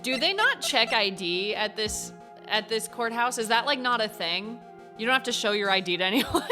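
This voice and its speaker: A young woman chatting through a let's-play, joking and laughing as she reacts to the story. Her voice is bright and lively, leaping up and down in pitch at an unhurried pace. Faint game music hums behind her. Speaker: gaming streamer.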